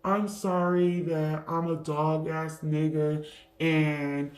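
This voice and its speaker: A woman voicing an unfaithful young boyfriend, reading out his confession slowly and flatly. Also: sits low, roomy sound, voice pushed down. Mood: contrite. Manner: slow, flat, dragging confession. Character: remorseful unfaithful young boyfriend, low and slow.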